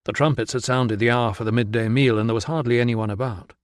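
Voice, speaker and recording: A man giving measured, steady audiobook narration. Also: mid-range voice, no room sound, clean studio sound.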